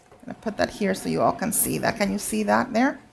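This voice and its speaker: A woman's voice: mid-range voice, very animated, fast, vocal fry, a little hiss or hum. A woman cooking instructor giving a live demonstration, chatty and instructive, often checking in with her audience. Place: teaching kitchen before a live audience.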